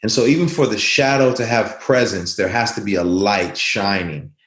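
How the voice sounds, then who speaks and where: A man's voice: lowish voice, moderate pace, a bit bright. Earnest man in an echoey room. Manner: earnest, reflective storyteller. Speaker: guest. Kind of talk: conversational interview.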